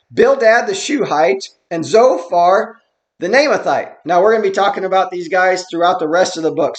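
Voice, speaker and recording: A man teaching a Bible study in an earnest, explanatory way, reading verses slowly and then commenting on them. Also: sits high. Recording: roomy echo.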